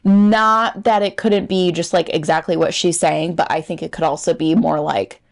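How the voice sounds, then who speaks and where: A woman with a somewhat low voice hosts reaction commentary. She explains things steadily and evenly, with a dry, wry edge. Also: fairly even intonation, gravelly. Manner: measured, explanatory, mildly wry. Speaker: commentary channel host.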